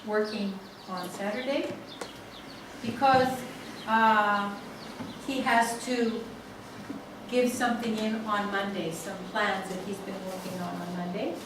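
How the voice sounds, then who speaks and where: Slow-spoken woman leading a seminar. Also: medium pitch, fairly even intonation, noisy background. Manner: slow, halting storytelling with restarts. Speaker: seminar facilitator. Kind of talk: guiding a family constellation exercise. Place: seminar room. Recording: echoey room, far from mic.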